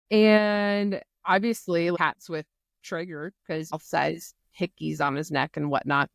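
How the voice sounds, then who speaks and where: A woman's voice: on the low side, unhurried, gravelly, no room sound, clean studio sound. A woman co-hosting a podcast, retelling a book's plot in casual chat and acting out the characters' lines. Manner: animated retelling with voiced quotes. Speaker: podcast co-host.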